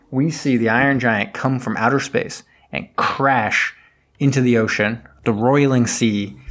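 A man telling a film's story in loose, casual conversation, speaking at a middling pitch. He rambles, stops for fillers and throws in asides as he goes. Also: a bit bright, slight background noise. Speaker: podcast co-host retelling a film plot. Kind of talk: casual chat.

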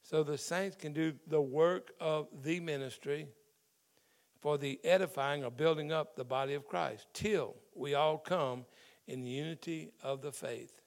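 A man's voice: a little high, unhurried. A man who is a pastor, preaching a sermon in a conversational way and explaining the meaning of Greek words in scripture.

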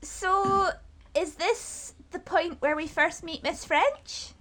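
High-voiced woman, playful casual chat. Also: takes it slowly, background noise. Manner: playful, giggly, hesitant with fillers. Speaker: podcast co-host. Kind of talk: casual chat about a TV show.

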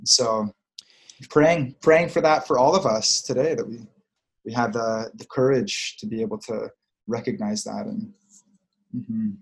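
A man's voice: medium pitch, steady tone, unhurried, vocal fry. A man who is a spiritual coach, giving an earnest, reflective talk and searching for words, often repeating phrases.

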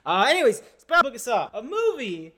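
A man's voice: very high voice, huge pitch swings, fairly quick, a bit bright. A man hosting a casual movie chat, loose and rambling, swearing now and then. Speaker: podcast host.

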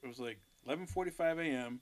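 A man in casual chat, relaxed, joking and laughing easily. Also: medium pitch, quick pace, crowd noise.

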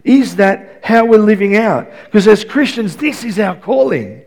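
A man with a fairly high voice preaches to his church in a talky, conversational way, doubling words as he goes. He swings from quiet asides up to loud, pressing emphasis. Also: expressive, a little slow. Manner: conversational, repeats words and restarts, rises to loud emphatic passages. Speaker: pastor. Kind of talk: sermon.

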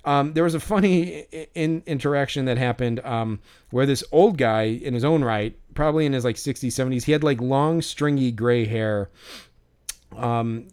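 A podcast co-host with a medium-pitched, slightly mellow, smooth voice tells a story. His delivery is rambling and casual, full of fillers and restarts.

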